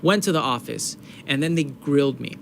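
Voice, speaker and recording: A man's voice: medium pitch, moderate pace, vocal fry, slight background noise. A man from New York hosting a casual podcast chat, telling a personal story with feeling and acting out the people in it. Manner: animated storytelling, acting out quoted voices; emotional, open, swearing casually.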